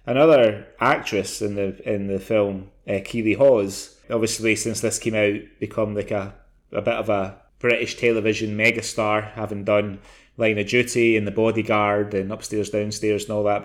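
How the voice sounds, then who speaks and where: Low-voiced podcast host. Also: male voice, level tone, normal speed. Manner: conversational, stumbles and repeats words. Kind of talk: casual film-review chat.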